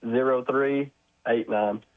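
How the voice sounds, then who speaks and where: A man's voice: medium pitch, fairly even intonation, slow pace, dry recording. A man calling in to a radio show, giving brief, plain answers over the phone. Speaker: caller. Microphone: telephone. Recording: dry tinny phone line.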